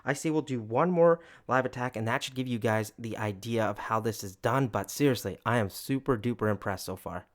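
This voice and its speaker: A man's voice: medium pitch, a little fast, few pauses. A man giving gameplay commentary, explaining each move step by step and talking directly to his viewers in an upbeat, enthusiastic way. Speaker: gaming video creator.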